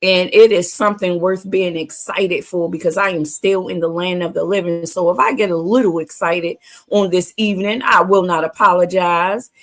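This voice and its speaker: A woman's voice: lowish voice, fairly even intonation, normal speed. A woman hosting a motivational livestream, speaking emphatically and repeating catchphrases to her chat. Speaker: livestream host.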